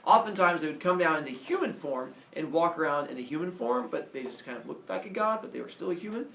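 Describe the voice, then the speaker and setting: Playful male teacher storytelling to a class; lively pitch, distant and roomy recording with faint hiss. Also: quick pace, vocal fry. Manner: animated, playful, acts out characters. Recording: echoey classroom from far off, faint noise.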